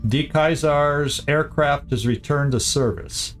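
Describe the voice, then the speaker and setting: A man's voice: fairly high pitch, takes it slowly, soft background music. A man streaming a strategy game, thinking aloud in casual commentary, often repeating himself and muttering asides. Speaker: gaming streamer.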